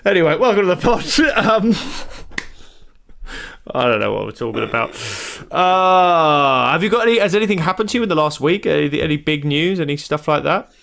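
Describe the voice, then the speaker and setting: A man's voice: on the high side, expressive, moderate pace, vocal fry, a bit bright. A man co-hosting a comedy podcast, teasing his co-host with mock-serious questions. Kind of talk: comedic interviewing banter.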